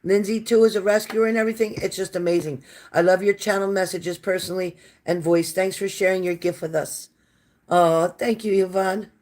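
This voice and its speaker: Raspy-voiced woman chatting on a livestream. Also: steady tone, normal speed, a little mellow. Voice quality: raspy, low smoker's voice. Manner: chatty, affectionate, thanks viewers by name. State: sore throat. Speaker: livestream host reading viewer comments. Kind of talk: casual livestream chat.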